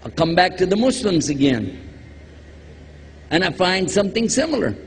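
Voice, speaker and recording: A man's voice: sits high, sing-song, normal speed, creaky. A man from Texas, preaching a religious lecture to a live audience, joking and quizzing the crowd. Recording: long hall reverb, faint background noise.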